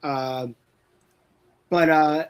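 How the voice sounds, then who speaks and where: A man's voice: on the high side, fairly even intonation, very slow, smooth. A man co-hosting a casual live watch-along stream, talking hesitantly with lots of filler sounds. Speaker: co-host.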